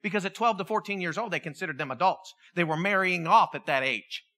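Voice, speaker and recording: This sermon comes from a middle-aged preacher with a mid-range voice who talks at a quick pace. Telling his story with animation, he performs the quoted voices and slips in humorous asides.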